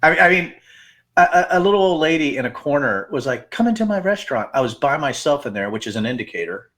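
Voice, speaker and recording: A man co-hosting a podcast in casual chat, animated and jokey, his voice jumping up high when he gets worked up. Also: fast talker. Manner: animated, jokey, breaks into big pitch jumps. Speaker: podcast co-host.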